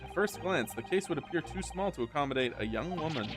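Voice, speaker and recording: Pompous eccentric detective read by a man, grandiose, theatrical, lively and rather high. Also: fast talker, over music, natural voice.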